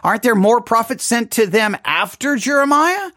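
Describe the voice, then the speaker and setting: High, lively-voiced male Bible teacher. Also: normal speed, no echo, clean studio sound. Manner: poses many rhetorical questions, thinking aloud. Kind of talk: teaching a Bible study class.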